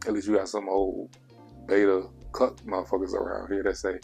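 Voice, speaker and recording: A man's voice: on the low side, flat delivery, brisk, vocal fry, a little mellow, slightly rough, faint music behind. A man giving blunt relationship advice in a casual vlog monologue, preachy and repetitive, with coarse language.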